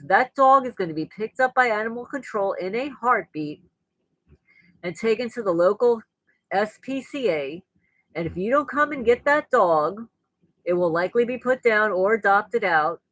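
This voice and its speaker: This is a woman host speaking casually to her audience at an ordinary pitch. She is frank and rambling, blunt and openly angry, and her voice has lost its sweetness. The recording is close and dry. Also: a bit bright, dry recording, rough recording. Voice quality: voice no longer sweet, rougher than before. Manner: frank, rambling, laughs at her own jokes. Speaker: channel host. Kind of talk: casual monologue to viewers.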